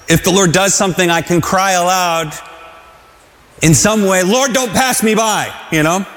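A man's voice: a little high, fairly bright tone. A man preaching a sermon, earnest, repeating phrases and asking the congregation to say lines back with him. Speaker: pastor. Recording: long hall reverb.

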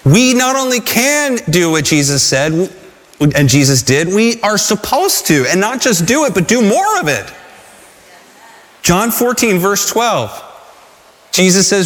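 A man preaching a sermon, telling stories with animated energy and asking the congregation rhetorical questions. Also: sits high, unhurried, in a large hall. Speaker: pastor.

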